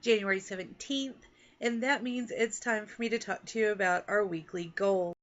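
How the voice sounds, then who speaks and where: A woman's voice: mid-range voice, moderate pace. A woman from Texas and Oklahoma talks to her camera as an author and book vlogger, rambling and poking fun at herself. Her voice sits in a middle register. The home video sounds a little dull and lo-fi. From Texas and Oklahoma, USA. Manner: chatty, rambling, self-deprecating. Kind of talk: casual chat to camera.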